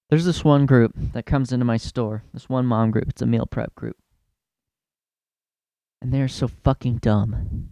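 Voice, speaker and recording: A young man hosting a comedy podcast who rants in a profane, exasperated way, breaking into loud bursts. His mid-pitched voice is smooth and clear. The sound is dry and close, with no room around it. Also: steady tone, unhurried, pauses often, dry recording. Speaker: podcast host.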